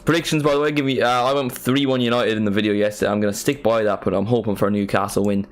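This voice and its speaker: Low-voiced Irish lad, rambling stream chat. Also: male voice, fairly even intonation, very fast. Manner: rambling, chatty and self-mocking. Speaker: football streamer hosting a watchalong. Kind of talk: casual live-stream chat.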